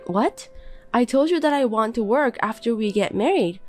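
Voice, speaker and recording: Woman doing a higher, pleading young housewife. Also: expressive, moderate pace, a little mellow, faint music behind. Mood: defensive. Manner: pleading and defensive. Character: tired, hurt young housewife. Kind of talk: reading a text-message story.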